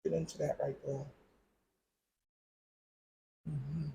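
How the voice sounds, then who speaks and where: A man's voice: a little high, level tone, slow pace, vocal fry, mellow, slight background noise. A man hosting an interview, tasting food and reacting with enthusiasm, sometimes talking with his mouth full. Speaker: host.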